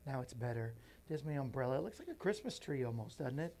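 A man's voice: medium pitch, lively intonation, fast, a little mellow, a little hiss or hum. A man hosting a morning show from a small bookstore studio, chatting casually and rambling to viewers. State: out of breath. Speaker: host.

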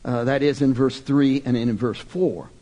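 A man preaching a sermon, driving his points home with rhetorical questions and swinging from loud emphatic bursts to quiet, hushed lines. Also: mid-range voice, fairly even intonation, a little slow.

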